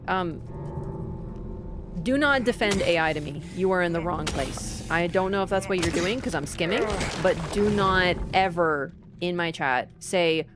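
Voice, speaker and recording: A woman's voice: lowish voice, a little slow. A woman streaming a game live, chatting with her viewers in an opinionated way and yelping suddenly at what happens on screen. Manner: chatty and opinionated, talks straight to chat; sudden loud yelps at the game. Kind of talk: live gameplay commentary and chat reading. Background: game music.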